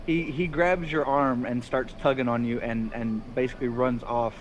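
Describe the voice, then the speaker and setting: A man's voice: medium pitch, steady tone, moderate pace, slight background noise, low-quality recording. A man narrating a tabletop game as game master, rambling and correcting himself as he goes.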